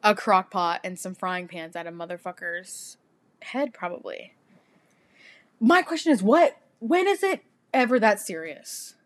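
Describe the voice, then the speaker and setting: Young woman telling a crude, animated story. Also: medium pitch, measured pace. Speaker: podcast co-host. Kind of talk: casual chat.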